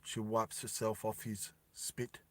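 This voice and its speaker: A man telling a dramatic story slowly and deliberately, with emphatic repetition. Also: lowish voice, flat delivery, a bit bright, a little hiss or hum. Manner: slow deliberate with emphatic repeats.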